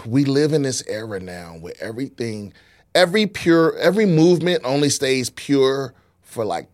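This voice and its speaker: A man's voice: mid-range voice, no room sound, clean studio sound. A man co-hosting a podcast in casual chat, loose and profane, rambling through his points. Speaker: podcast co-host.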